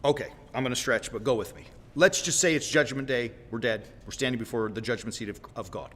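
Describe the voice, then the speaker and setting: A man preaches on a casual livestream in a mid-pitched voice, wandering off track and pulling himself back with quick apologies. His folksy talk keeps checking in with listeners. A long reverb trails each phrase, as if he is in a large room. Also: fairly bright tone. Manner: rambling, self-correcting, apologetic asides; folksy, direct, with repeated "right?". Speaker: host of a Christian livestream. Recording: long reverb in a roomy space.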